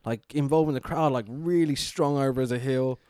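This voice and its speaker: A man's voice: medium pitch, fairly quick, a little mellow, clean tone, no room sound, studio quality. A man hosting a podcast, chatting and laughing with friends, swearing freely. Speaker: podcast host. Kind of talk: casual chat about wrestling.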